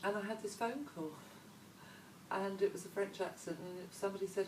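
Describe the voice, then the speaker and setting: A former model, interviewed as a guest, chats in a meandering way full of trailing asides. Her medium-pitched voice is a little fast and darkish, picked up from a distance in an echoey room with slight hiss or hum.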